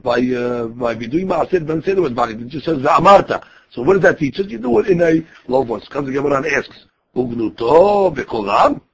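A man with a fairly high, husky voice leads a daily Talmud class. He explains each phrase in a relaxed, conversational way and restarts sentences as he thinks. The recording sounds dull and lo-fi. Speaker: Talmud teacher.

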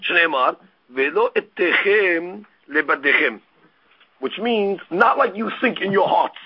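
A man giving a Talmud study lecture, reading Aramaic lines and explaining them in English with animated storytelling and frequent restarts. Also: high-pitched, a little slow, slightly rough, muffled recording. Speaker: Talmud teacher.

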